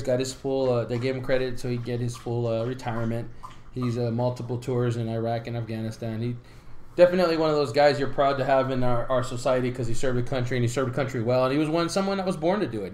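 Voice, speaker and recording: A man's voice: medium pitch, reverberant, slight background noise. A man co-hosting a casual sports podcast, telling crude stories and swearing freely. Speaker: podcast co-host.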